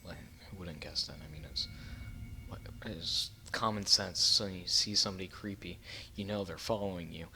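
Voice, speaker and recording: Young male vlogger, lowish bright voice, loose rambling storytime delivery. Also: fairly even intonation, normal speed, a little hiss or hum. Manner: rambling, self-correcting, lots of fillers. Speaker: YouTuber. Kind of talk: casual storytime narration.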